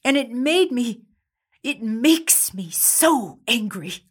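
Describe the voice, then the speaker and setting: A grieving mother of a wounded soldier, played by a woman, delivered as a dramatic monologue. She speaks slowly and haltingly, each phrase weighed down with emotion. Her voice sits at an ordinary middle pitch. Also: fairly bright tone. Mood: anguished. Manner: slow, halting, heavy with emotion.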